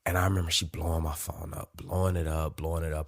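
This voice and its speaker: A man's voice: sits low, expressive, fast, gravelly, dry recording, clean studio sound. A man in his thirties, a podcast host, telling a frank, profane personal story with emotional openness.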